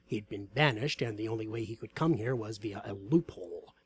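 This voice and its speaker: A man reading aloud a story about a tabletop game session in a wry, deadpan way. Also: on the low side, a little fast, breathy edge.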